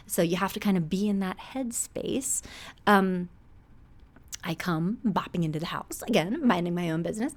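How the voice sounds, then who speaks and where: A woman's voice: on the low side, moderate pace. A woman therapist hosting an advice podcast, talking conversationally and acting out everyday scenes. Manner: animated, acts out everyday scenes; warm, conversational, with frequent "okay?" check-ins. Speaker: couples therapist and podcast host.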